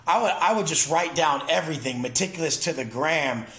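A man's voice: fairly high pitch, brisk, a bit bright, echoey room. A man talking as an interview guest, intense and profane, telling emphatic stories in casual conversation. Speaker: podcast guest.

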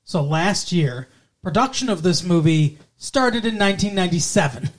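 A young man with a notably high-pitched voice chats casually about a film. His talk rambles, full of fillers, false starts and self-corrections. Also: animated, normal speed. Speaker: podcast co-host reviewing a film. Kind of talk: casual conversation.

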